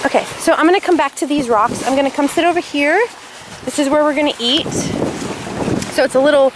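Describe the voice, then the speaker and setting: A woman vlogging outdoors on a beach with a handheld camera, gushing and gasping with excitement as she talks. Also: high voice, brisk. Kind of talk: casual vlog narration. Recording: loud wind noise outdoors. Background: wind and water.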